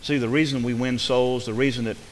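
A male pastor preaching a sermon in a church sanctuary, swinging from fervent, emphatic passages down to soft, quiet ones. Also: medium pitch, steady tone, brisk. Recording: reverberant hall with faint hiss.

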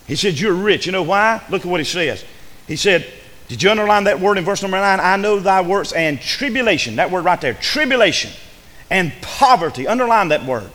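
Male preacher, higher voice, emphatic sermon delivery with hushed asides, church hall reverb. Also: animated, a little fast. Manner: emphatic preaching, repeats words, swings between loud and hushed.

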